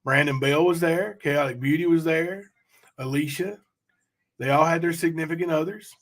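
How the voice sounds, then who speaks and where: A man hosts a casual livestream, chatting loosely, rambling, reading viewer comments, and speaking directly to chat. His voice is a little high and fairly bright, at a normal speed.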